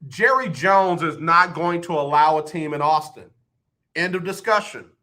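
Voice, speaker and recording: A man's voice: on the high side, normal speed, sharp tone. A man hosting live sports talk radio, joking and repeating his points for effect into a studio microphone.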